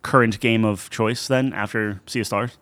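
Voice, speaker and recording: A man's voice: on the low side, steady tone, fairly bright tone, no echo. A man co-hosting a podcast, chatting casually and asking his partner questions. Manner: conversational, asks questions, halting restarts. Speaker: podcast co-host. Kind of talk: casual chat.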